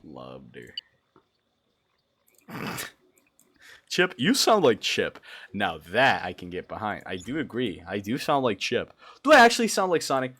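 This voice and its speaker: A young man from Brazil chatting on a livestream, sleep deprived, giggly and rambling, dropping to mumbles and jumping to loud yelps. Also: mid-range voice, wildly swooping pitch, moderate pace, slight background noise. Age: young adult. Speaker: streamer. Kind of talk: casual livestream chat.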